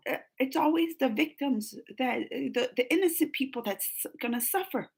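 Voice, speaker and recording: A woman's voice: high-pitched, normal speed, vocal fry, darkish tone, slightly rough, low-quality recording. A woman hosting a live stream, chatting casually and emotionally while reading viewer comments, laughing often.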